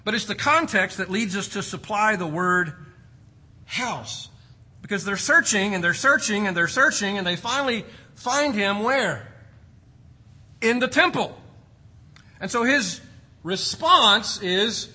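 A man preaches with a high, very bright voice that carries a husky grain. He works through rhetorical questions and slows down to lean on key words, keeping an emphatic teaching rhythm. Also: lively intonation, rough recording. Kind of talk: expository sermon.

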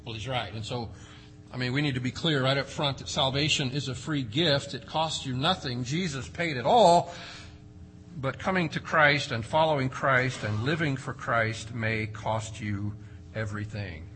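A man's voice: medium pitch, moderate pace, fairly bright tone, a little hiss or hum, low-quality recording. A man preaching an expository sermon, emphatic, with rhetorical questions and strong rises and drops for stress. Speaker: pastor.

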